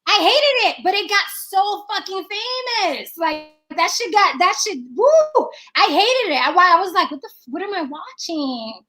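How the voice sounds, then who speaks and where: A woman with a high voice chatting casually about making films. She talks bluntly and profanely, hammering her points with repetition. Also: big pitch swings, moderate pace, hardly any pauses. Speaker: filmmaker. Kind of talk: casual chat.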